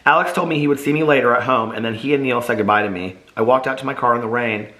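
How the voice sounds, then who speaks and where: A man's voice: mid-range voice, quick pace, bright, forceful tone, echoey room, poor audio. A man reading his own novel aloud in first person, earnest and emotional.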